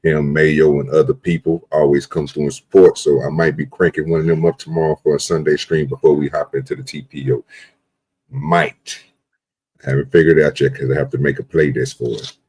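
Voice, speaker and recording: A man's voice: rumbling low, little pitch movement, a little fast, a little mellow, husky. A man hosting a live stream, chatting in a laid-back, rambling, slangy way. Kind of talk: casual live stream chat.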